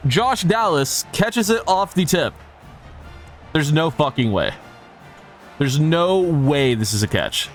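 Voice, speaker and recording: A man's voice: a little high, big pitch swings, slow pace, long pauses, soft background music. A man giving casual gameplay commentary, swearing and ranting at the game with exasperation. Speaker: gaming YouTuber.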